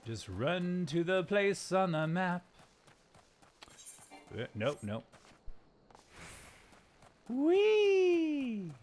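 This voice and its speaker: A man's voice: high-pitched, huge pitch swings, drawn-out words, long pauses, a little mellow. A man streaming a video game, chatting casually in a joking way with sudden yelps and some swearing. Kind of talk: casual live-stream gameplay commentary.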